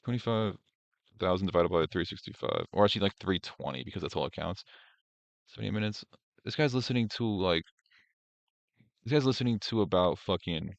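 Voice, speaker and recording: A young man with a very low, deep voice, talking loosely and profanely as he reacts on a livestream. He rambles and fills gaps with "um" and "like". The audio is dry and a bit dull, like a lo-fi desk mic. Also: vocal fry, no room sound. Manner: rambling, profane, mocking, with filler words. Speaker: streamer host. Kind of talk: casual reaction stream commentary.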